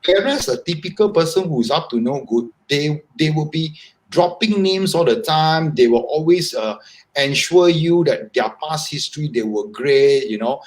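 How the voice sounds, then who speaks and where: A man, a guest on a live video-call interview, explaining at length in an animated, repetitive way. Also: a little high, normal speed, rough recording. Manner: animated, repetitive, talks in long explanatory runs. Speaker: guest author.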